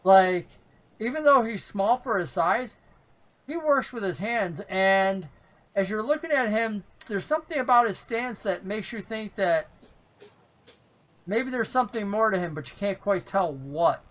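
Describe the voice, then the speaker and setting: A relaxed game master describing a tabletop scene and calling for dice rolls. The delivery is easygoing and chuckling, with plenty of fillers. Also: medium pitch, measured pace, rough recording.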